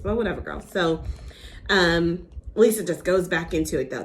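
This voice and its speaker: A young woman recapping a reality TV episode in casual gossip chat, animated and acting out the cast's lines. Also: on the low side, normal speed, slight background noise. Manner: animated, acts out quotes with impressions.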